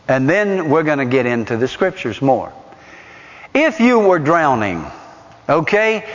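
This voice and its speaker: A man preaching a sermon, emphatic and repetitive, putting questions to the congregation. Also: sits high. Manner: emphatic, repeats phrases for stress; asks the audience rhetorical questions. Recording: dull sound with long hall reverb.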